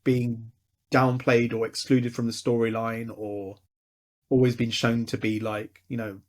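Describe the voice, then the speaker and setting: Man, podcast co-host, hesitant, lots of fillers, mid-pitched voice. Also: level tone, a little slow. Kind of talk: casual podcast chat.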